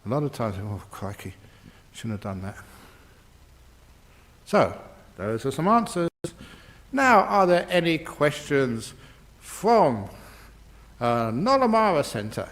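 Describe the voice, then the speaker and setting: Playful, expressive Buddhist monk. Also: male voice, a little high. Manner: playful, expressive storyteller with dramatic pauses. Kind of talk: dharma talk answering written questions.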